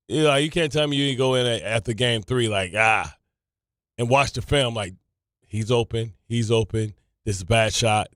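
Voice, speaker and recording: A sports radio co-host breaks down the game in a studio, animated and full of casual slang. He is a man with a mid-range voice, and the sound is dry and close. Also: medium pitch, no room sound.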